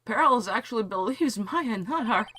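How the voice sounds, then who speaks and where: A man's voice: sits high, lively intonation, normal speed, pushed and bright, slight background noise, pitched above the performer's own voice. A man voicing an earnest young defense lawyer in a courtroom game, asking questions. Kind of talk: reading game dialogue aloud.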